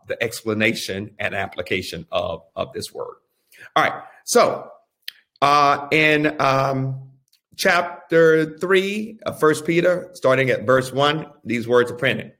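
A pastor teaching a Bible study, who speaks deliberately and repeats phrases for emphasis. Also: male voice, mid-range voice, fairly bright tone.

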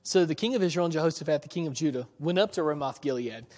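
A man delivers a sermon in a casual, conversational way, asking his listeners questions and chuckling as he goes. His voice sits a little high for a man, and he slows down to act out the lines of the biblical characters. The sound rings with a long reverb, as in a large hall. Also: expressive, a little mellow. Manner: conversational, asks the audience questions, chuckles often. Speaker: preacher. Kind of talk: sermon with scripture reading.

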